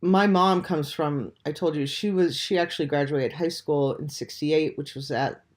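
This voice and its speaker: A vlogger in their forties, stuffed up and under the weather, talking softly to camera at home at dawn with many ums and restarts. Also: mid-range voice, moderate pace. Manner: hesitant, full of ums and restarts. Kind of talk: casual talk to camera.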